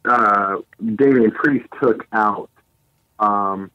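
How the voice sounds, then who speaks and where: A man co-hosting a podcast in casual chat, retelling events in a lively play-by-play way. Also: on the low side, very slow, no echo. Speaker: podcast co-host. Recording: slightly dull lo-fi sound.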